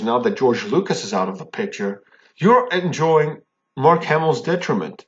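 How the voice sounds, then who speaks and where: A man's voice: mid-range voice, animated, normal speed, muffled recording. A man ranting angrily to his viewers, heated and indignant, stumbling over his words and tagging his points with "okay?". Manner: repeats and restarts when worked up. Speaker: fan commentary vlogger. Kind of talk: angry ranting monologue.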